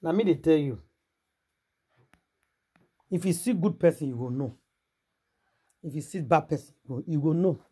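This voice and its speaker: A Nigerian gossip vlogger speaks in Nigerian Pidgin English with a fairly high, warm, slightly rough voice at normal speed, pausing often. His casual commentary turns preachy and rhetorical as he addresses viewers directly.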